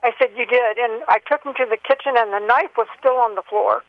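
A woman's voice: a little high, no room sound. Older woman caller on a dull phone line. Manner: earnest, halting storytelling with many fillers. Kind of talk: phone-in call. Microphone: telephone.

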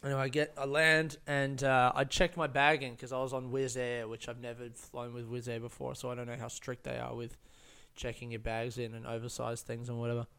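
A man's voice: medium pitch, flat delivery, a little fast, gravelly, fairly bright tone, smooth. A man telling a personal story in a casual monologue, rambling and profane with many fillers and restarts.

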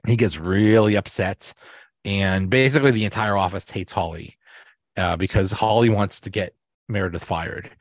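Low-voiced man rambling through a recap. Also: moderate pace, no room sound. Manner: rambling, with many fillers and restarts. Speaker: podcast host. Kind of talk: casual episode recap.

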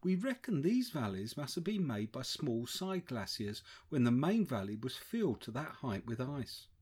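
A man narrating a first-person travel memoir in a measured, descriptive way. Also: medium pitch, very animated, darkish tone, husky. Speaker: audiobook narrator.

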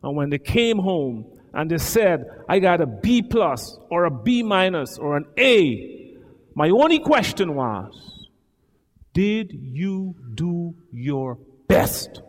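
A man delivers a sermon with a slightly high, very lively voice that climbs and drops with emphasis. He takes his time, leaning on single words and letting loud swells break through. His voice rings out with a long reverb off a large church hall. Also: a little slow. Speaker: preacher.

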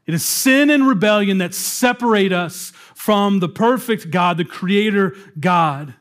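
A man pastor preaching a sermon in a conversational way, slowing down for dramatic pauses. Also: sits high.

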